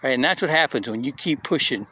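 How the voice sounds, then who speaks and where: With lively intonation and a quick pace, a middle-aged man's medium-pitched voice comes across bright and forceful over slight background noise. At a community live session, he gives a casual motivational talk, telling personal stories loosely and often checking in with "right?".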